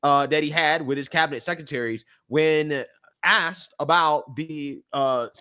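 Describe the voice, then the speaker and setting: A man's voice: a little high, unhurried, bright, forceful tone, smooth. A man delivering a political commentary segment, emphatic and repeating his points.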